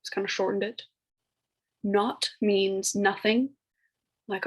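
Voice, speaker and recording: A woman's voice: medium pitch, moderate pace, creaky, low-quality recording. A young woman teacher, talking through a recorded lesson in a casual, chatty way with many filler words and playful put-on voices for old phrases. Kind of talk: recorded classroom lecture.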